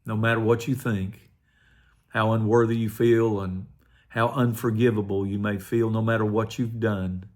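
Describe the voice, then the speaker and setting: An older man, a pastor, telling his personal testimony in an earnest, quietly emotional way. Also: fairly low pitch, level tone, moderate pace.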